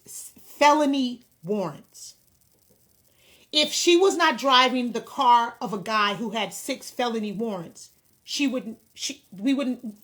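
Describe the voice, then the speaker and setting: A woman's voice: a little high, a bit bright. A woman hosting a commentary video who offers counseling, talking to viewers in a blunt, impassioned, lecturing way. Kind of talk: direct-to-camera commentary.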